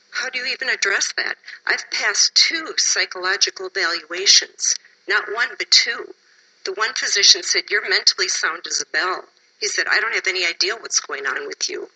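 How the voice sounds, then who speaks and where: A woman's voice: mid-range voice, sharp tone, husky, rough recording. A tired woman from Wisconsin giving emotional, pleading testimony at a public hearing, sometimes dropping to a whisper. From Wisconsin, USA.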